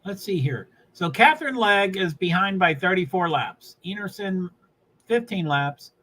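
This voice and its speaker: Bright, chatty New man. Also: sits high, animated, unhurried. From New England. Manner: rambling, self-interrupting, chuckling often. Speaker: live streamer. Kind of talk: casual live-stream chatter while watching a race.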